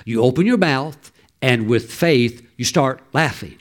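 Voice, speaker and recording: A man's voice: mid-range voice, expressive, unhurried. A middle-aged male pastor preaching a sermon, telling stories and urging his listeners on with fervor. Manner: storytelling preacher who exhorts and laughs loudly.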